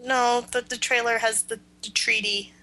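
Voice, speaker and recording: A woman co-hosting a podcast, chatting playfully and tossing in quick asides. Her voice is somewhat high and very bright, with a clear, forward tone. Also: flat delivery, rough recording. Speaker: podcast co-host. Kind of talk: casual podcast chat.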